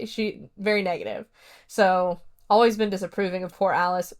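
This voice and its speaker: A woman's voice: mid-range voice, fairly even intonation, moderate pace. A woman hosting a casual solo podcast, chatting through a horror film review in a rambling way with lots of fillers. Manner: retells scenes by acting out quotes.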